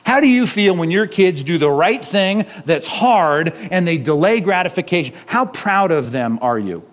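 Here a pastor, male but quite high-pitched, gives an expressive, easygoing sermon. Light laughter and rapid rhetorical questions run through it as he keeps checking in with his listeners.

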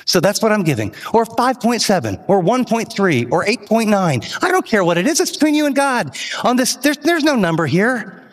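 A pastor giving an earnest, emphatic sermon with rising questions. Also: male voice, high-pitched, very animated, moderate pace, long reverb tail.

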